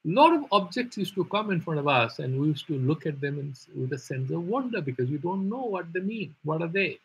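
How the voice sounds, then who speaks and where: A man's voice: a little high, sing-song, a little fast, fairly bright tone, husky, rough recording. A man teaching a live online Vedanta philosophy class, explaining patiently with rhetorical questions and repeated terms.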